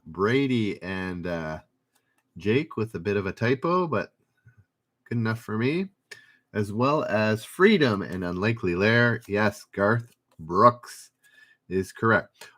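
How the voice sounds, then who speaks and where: A man hosts a live trivia stream, taking his time over each question. His pitch swings widely as he reads out viewers' answers and drops dry jokes between rounds. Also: fairly bright tone. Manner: reads questions and chat names, dry asides. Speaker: trivia livestream host. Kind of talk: livestream trivia hosting.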